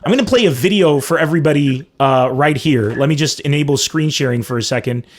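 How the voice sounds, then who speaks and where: A man from Lebanon hosting a podcast interview, excited and quick to laugh. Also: a little high. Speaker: podcast host.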